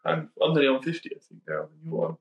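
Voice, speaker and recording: A man hosts a casual podcast chat with a slightly raised pitch and a gravelly, fry-edged voice. He rambles and corrects himself as he goes, with plenty of ums. The room is echoey. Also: big pitch swings, fast. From United Kingdom. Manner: chatty, rambling, with frequent ums and self-corrections. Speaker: podcast host.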